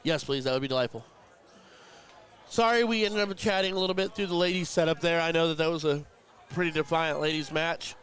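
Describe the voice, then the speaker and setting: A man's voice: on the high side, a little fast, a bit bright. A man hosting a live darts tournament stream, chatting and commentating in a heartfelt, emotional way.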